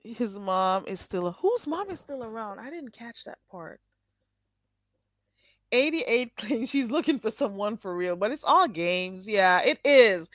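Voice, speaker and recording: Animated woman chatting on a livestream. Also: medium pitch, no room sound. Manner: animated, laughing, talks back to chat. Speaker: livestream host. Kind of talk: casual livestream chat with viewers.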